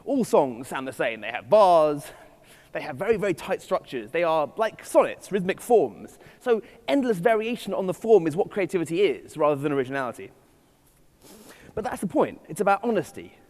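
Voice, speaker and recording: A man's voice: fairly high pitch, sing-song, moderate pace, darkish tone. A man giving a witty, digressive keynote talk at a conference. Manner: witty, digressive, self-deprecating. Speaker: conference speaker. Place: conference hall. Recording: hall reverb from stage.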